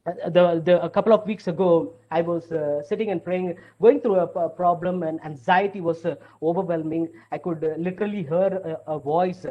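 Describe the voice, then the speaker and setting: A woman's voice: fairly low pitch, lo-fi sound. A woman preaching a sermon in an earnest way, stressing her points with a repeated "yes".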